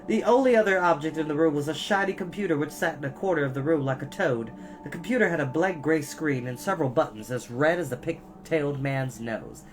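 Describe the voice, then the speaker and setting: A man's voice: fairly high pitch, fairly quick, hardly any pauses, faint music behind. A man reading a children's novel aloud as a storyteller, adding asides to his listeners.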